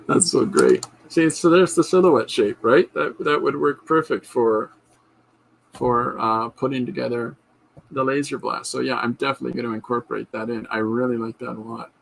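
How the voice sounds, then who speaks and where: A man's voice: mid-range voice, fairly even intonation, moderate pace, creaky, slight background noise, rough recording. A man hosting his own podcast, chatting casually and enthusiastically about his comic ideas in a rambling way with frequent restarts. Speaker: podcast host and comic artist. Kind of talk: casual livestream chat.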